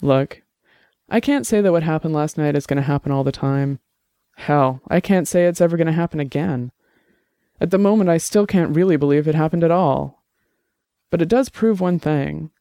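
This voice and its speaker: A man's voice: fairly high pitch, normal speed, warm tone, dry recording, clean studio sound, natural voice. A man voicing a sly, forgiving middle-aged woman in an audiobook drama, with a teasing, earnest manner. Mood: serious.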